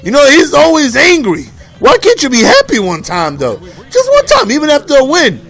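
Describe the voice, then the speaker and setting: A man's voice: extremely high pitch, big pitch swings, fairly quick, creaky, fairly bright tone. A man giving casual, playful video game commentary, boasting and joking, with lots of repeated phrases. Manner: repeats phrases, frequent "you know what I'm saying". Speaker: gameplay commentator.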